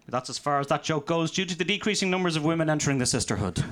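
A man performing a live stand-up set of deadpan one-liners in a comedy venue. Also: fairly high pitch, fast.

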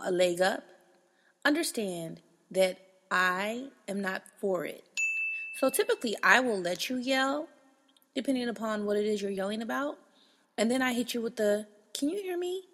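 Blunt, gravelly-voiced woman ranting frankly. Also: mid-range voice, steady tone, moderate pace, fairly bright tone, big-room sound. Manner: blunt, frank, exasperated, profane. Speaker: podcast host. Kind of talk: casual monologue.

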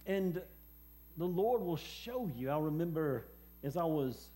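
A man preaching a personal testimony sermon, speaking haltingly with many fillers and repeated words. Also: fairly high pitch, lively intonation, mellow. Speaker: preacher and former hospice chaplain.

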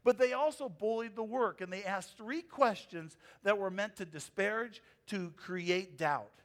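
A man preaching a sermon as a pastor, animated and emphatic, rising and falling as he drives his points home. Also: sits high, unhurried.

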